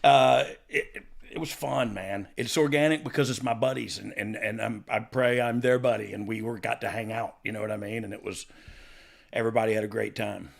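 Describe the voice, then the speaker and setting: Man, 50s, gravelly, casual storytelling, laughs a lot. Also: fairly low pitch, steady tone, fairly quick. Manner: rambling, laughs often, restarts. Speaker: podcast host and former wrestler.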